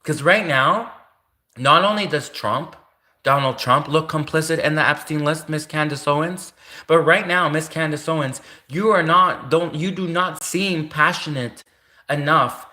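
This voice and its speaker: A man's voice: fairly high pitch, unhurried, sharp tone. A man hosting a livestream, ranting casually and repeating himself as he speaks straight to the person he is calling out. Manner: repetitive, keeps addressing his target directly. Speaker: livestream host.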